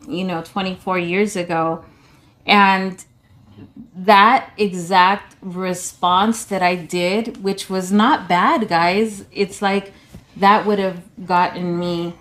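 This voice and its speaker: A woman's voice: on the low side, fairly bright tone. A woman in her forties, a pastor's wife, talking casually with her husband, rambling with many restarts and repeated words. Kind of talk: casual chat.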